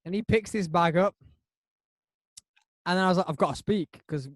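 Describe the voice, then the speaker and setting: A man hosting a podcast, telling a story in a rambling, animated way with lots of restarts. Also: sits high, moderate pace, no room sound, studio quality. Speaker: podcast host. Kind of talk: casual chat.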